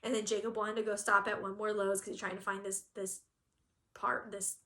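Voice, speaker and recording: A woman's voice: mid-range voice, flat delivery, a little fast, noisy background. A woman from Southern California co-hosting a cross-stitch channel, telling a story in casual chat and acting out quotes with laughter. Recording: echoey room.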